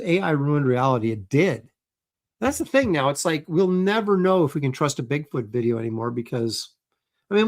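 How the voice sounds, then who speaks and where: A man hosting a casual livestream, reacting to videos and reading viewer comments in a sarcastic, skeptical way. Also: mid-range voice. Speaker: livestream host.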